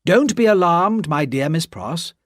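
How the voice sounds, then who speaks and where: A woman voicing a calm, composed gentleman who speaks firmly in a read-aloud story. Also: on the high side, a little slow, no room sound, studio quality, voice pushed up.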